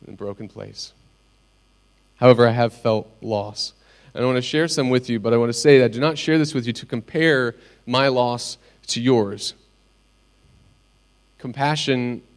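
Earnest middle-aged man preaching. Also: mid-range voice. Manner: earnest, personal storytelling with pauses. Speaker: pastor. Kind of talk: sermon.

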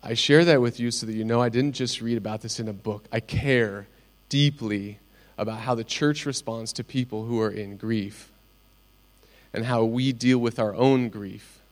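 A man's voice: medium pitch, steady tone. Earnest middle-aged man preaching. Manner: earnest, personal storytelling with pauses. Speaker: pastor. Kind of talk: sermon.

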